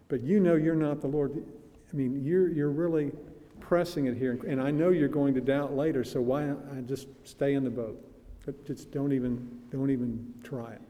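An older man preaching a sermon in a conversational, musing way, sometimes laughing. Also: dark tone. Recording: reverberant hall with faint rumble.

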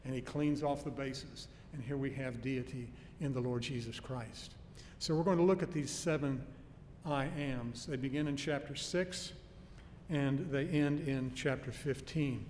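A man's voice: fairly even intonation, unhurried, a little mellow. A man preaching an expository sermon, teaching earnestly with emphatic stresses and homely anecdotes. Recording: long hall reverb with faint low rumble.

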